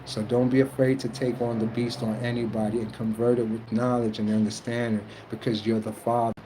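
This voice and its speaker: Man, casual spiritual talk, rambling, colloquial, mellow warm voice, faint background hiss. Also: flat delivery, a little fast, low-quality recording. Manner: rambling, earnest, colloquial, quotes others in high mock voices. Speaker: spiritual streamer answering chat.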